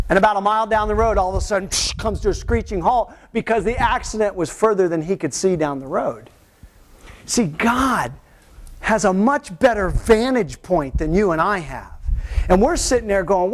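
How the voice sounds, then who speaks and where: A male pastor preaching a Sunday sermon, animated and conversational, acting out the voices of doubters and of God. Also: high voice, moderate pace. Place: church.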